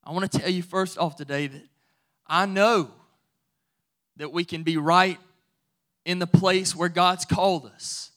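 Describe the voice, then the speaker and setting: A man preaching to his congregation in a high, bright voice. He talks in a loose, conversational way, then builds to firm, emphatic declarations. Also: fairly even intonation, measured pace, pauses often. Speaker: pastor. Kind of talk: sermon.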